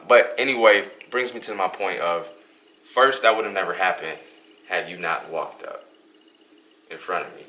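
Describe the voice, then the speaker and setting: A young man from Western New York hosts a couple's vlog, telling a story in a casual, animated way. His voice sits very low, with a bright, forward tone. He acts out the lines of the people in his story. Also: moderate pace. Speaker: vlog host.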